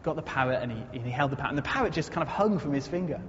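A man's voice: a little high, animated, rapid-fire. Man, preacher, earnest conversational sermon, long echo, slightly muffled sound. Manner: earnest, storytelling, builds to emphatic repetition. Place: church. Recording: echoey muffled hall recording, faint noise.

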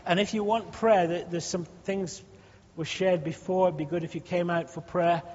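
A man leads his congregation in prayer, stacking fervent, repeated requests. His voice sits high. The sound is dull and hangs in a long church-hall reverb. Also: fairly even intonation, normal speed, darkish tone, a little hiss or hum. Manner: fervent, repetitive, rising pleas. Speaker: pastor.

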